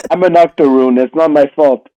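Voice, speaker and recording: A man's voice: fairly high pitch, a little fast, warm tone, low-quality recording. A man co-hosting a casual podcast, teasing and joking crudely with his partner. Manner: teasing, crude jokes, playful. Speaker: podcast co-host.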